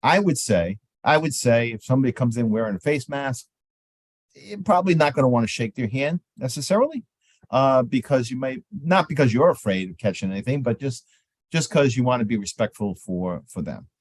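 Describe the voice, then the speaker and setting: Animated man giving trade show advice. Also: mid-range voice, brisk, no room sound. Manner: animated, acts out sample exchanges in lively voices. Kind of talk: seminar talk on trade show etiquette.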